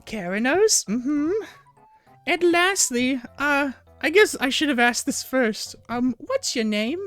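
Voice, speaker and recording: Woman putting on a high chirpy wagon merchant. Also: expressive, slow, a bit bright, no echo, soft background music, heavily acted. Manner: prim, haggling, overly polite.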